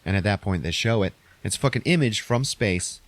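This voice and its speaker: A man's voice: on the low side, expressive, fairly quick, no room sound. A man casually recapping a movie on a podcast, rambling and profane, acting out characters' lines in a raised voice.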